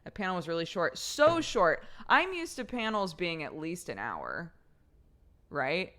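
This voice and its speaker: A young adult woman streamer telling a story in casual chat, animated and chatty. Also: fairly low pitch, a little slow.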